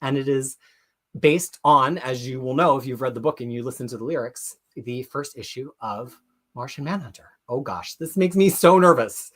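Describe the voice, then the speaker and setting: A chatty live-stream host runs through viewer comments in a loose, excitable way. The talk rambles and doubles back with frequent self-corrections, in an ordinary mid-pitched voice. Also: normal speed.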